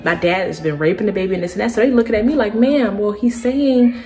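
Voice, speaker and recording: A young woman vlogger telling a personal story in a casual, animated way. She keeps addressing her listeners directly. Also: mid-range voice, rapid-fire, creaky, faint music behind. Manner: acts out other people's words as she tells it.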